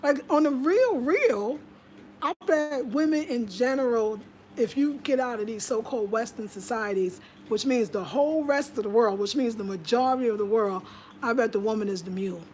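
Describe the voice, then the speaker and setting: A woman's voice: a little high, darkish tone, slight background noise. A middle-aged American woman talking casually into the camera at home, emphatic and chatty, slipping into voices when she quotes people. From United States. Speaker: vlogger. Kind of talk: casual monologue.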